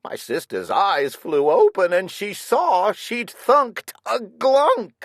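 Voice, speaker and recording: A storyteller reading a rhyming picture book aloud with expressive delivery. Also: medium pitch, slow.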